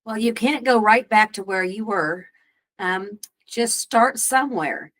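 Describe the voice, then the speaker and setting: A woman co-hosting a health podcast, explaining breathing and recovery calmly. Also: medium pitch, unhurried. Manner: calm, explanatory. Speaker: podcast co-host. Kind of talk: casual advice chat.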